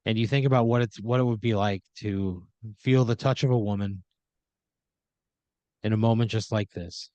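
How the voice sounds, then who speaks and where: A man's voice: on the low side, moderate pace, long pauses, mellow, dry recording, dull audio. Man spinning a rambling improv story. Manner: rambling, profane, second-person narration with many fillers. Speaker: podcast co-host.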